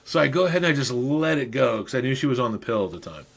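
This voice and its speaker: A man's voice: medium pitch, lively intonation, rapid-fire, gravelly. A man in his fifties, a podcast host, rambling through crude stories in casual monologue and laughing at himself.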